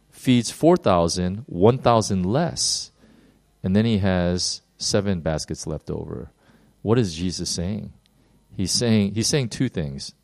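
A man gives a sermon in a fairly low voice, and his pace speeds up and slows down as he goes. He stops and restarts often and acts out quoted lines with sudden jumps in pitch. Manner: animated, uneven pace with many fillers and restarts. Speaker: pastor.

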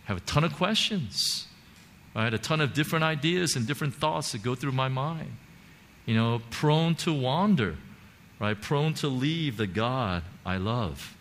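A man's voice: medium pitch, expressive, measured pace, fairly bright tone. Guy pastor giving an earnest sermon, lots of ums and restarts, echoey church hall. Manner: earnest, repetitive with many fillers and restarts. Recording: long hall reverb, faint background noise.

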